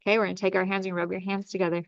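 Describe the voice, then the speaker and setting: A woman's voice: mid-range voice, level tone, very fast, vocal fry, dry recording. A woman leading a guided healing meditation in a soothing, repetitive way, with commanding incantations. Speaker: energy healer leading a group session. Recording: dry, dull lo-fi sound.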